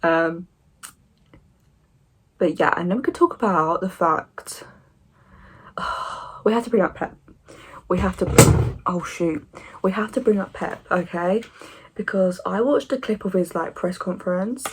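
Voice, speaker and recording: A woman in her twenties talking casually to camera as a football fan vlogger, animated and opinionated with sarcastic asides. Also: lowish voice, a little slow, pauses often, breathy edge.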